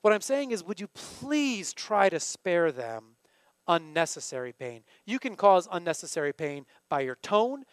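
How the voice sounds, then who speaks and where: A man's voice: sits high, big pitch swings, a little slow, clear, resonant tone, no room sound. A man preaching a sermon in a conversational way, often putting questions to his listeners. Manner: conversational, asks the congregation questions. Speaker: pastor.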